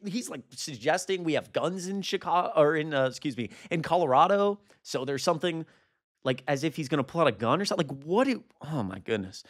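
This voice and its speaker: A man's voice: sits high, animated, a bit bright. A young man reacting to a protest video as a political commentator, indignant and exasperated. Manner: indignant, exasperated, quick asides.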